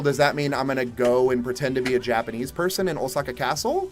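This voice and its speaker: A young man from Atlanta, Georgia, chatting casually on a live stream, reading viewer questions and answering in a laid-back way, with the odd swear word and loud exasperated outbursts. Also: mid-range voice, big pitch swings, fast. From Atlanta, Georgia, USA. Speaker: livestream host. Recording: faint music behind.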